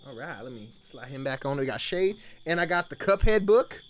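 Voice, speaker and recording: On a live stream, a man with a high, very animated, brisk voice chats casually with viewers. He plays a folksy camp-counselor character, drawling "y'all" constantly. He's in a home streaming room with blankets draped behind him.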